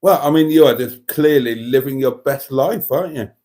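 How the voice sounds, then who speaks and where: A man's voice: medium pitch, moderate pace, mellow. A man hosting a livestream, tipsy from wine, chatting, laughing and reading comments aloud. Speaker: livestream host. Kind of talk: casual livestream chat.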